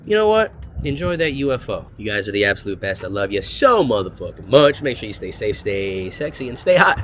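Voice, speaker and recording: A profane young man in his twenties rambles on in a loose, joking way, his fairly low voice swinging up and down a lot. His loose vlog chatter sits over clear street and traffic noise outdoors. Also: big pitch swings, a little fast. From United States. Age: 20s. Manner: profane, loose and joking, full of "like" and "you know". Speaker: vlogger. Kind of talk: casual rambling monologue. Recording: noisy outdoor street ambience.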